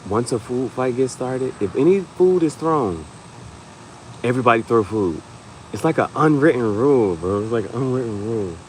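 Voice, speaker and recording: A young adult man hosting a casual comedic chat, telling animated stories, laughing often and jumping into high-pitched acted quotes. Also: normal speed, slight background noise, rough recording. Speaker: podcast host.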